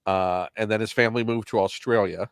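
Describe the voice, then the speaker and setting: A man's voice: fairly low pitch, steady tone, brisk, gravelly, clear, resonant tone, dry recording. A man with a General American accent hosting a casual chat in a wry, playfully teasing way. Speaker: host.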